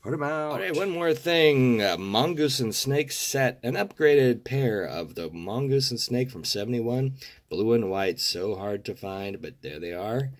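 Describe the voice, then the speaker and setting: A man with a gravelly, hoarse morning voice, casually showing off a collection in a video and gushing over each piece, often repeating words with delight. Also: lowish voice, animated, measured pace. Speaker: toy car collector and seller. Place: home desk.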